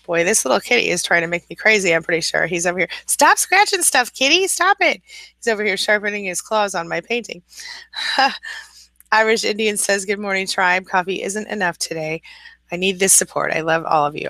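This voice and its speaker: A woman's voice: lowish voice, bright, forceful tone, dry recording. A woman coaching on a live stream, reading viewer comments aloud and answering them encouragingly, now and then scolding her kitten.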